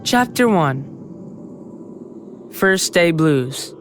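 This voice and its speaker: A woman playing a seventh-grade boy who narrates his own story in a full-cast audiobook, lively and chatty with sudden yells. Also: deep voice, very slow, faint music behind, full character voice. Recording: dry close studio sound.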